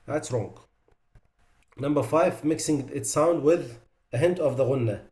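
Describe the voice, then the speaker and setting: A man teaching a tajweed class on recitation mistakes. He recites each sound as an example, then drops his voice low to say what is wrong with it. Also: measured pace, a little mellow. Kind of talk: tajweed lesson.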